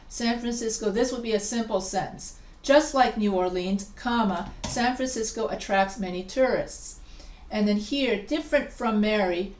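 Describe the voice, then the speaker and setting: A woman's voice: on the high side, a little mellow, echoey room, distant mic. A woman writing instructor lecturing over a video call, explaining patiently and repeating example sentences for emphasis. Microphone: video call microphone.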